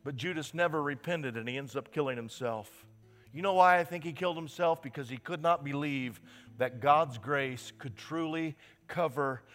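Impassioned male pastor in a reverberant hall. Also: mid-range voice. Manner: impassioned, emphatic, repeats words for stress. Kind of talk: sermon. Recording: reverberant hall with soft guitar.

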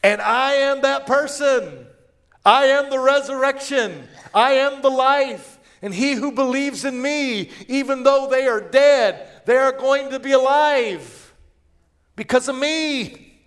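A male preacher voicing a holy teacher who speaks calmly, then proclaims with rising force. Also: mid-range voice, normal speed, natural voice. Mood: proclaiming.

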